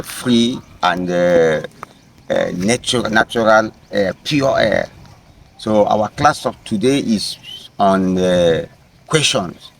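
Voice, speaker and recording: Male language teacher outdoors, slow and patient, repeats himself, lots of "uh". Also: medium pitch, fairly bright tone, slight background noise. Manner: slow, repetitive teaching with frequent fillers. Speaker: French teacher. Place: outdoors in nature.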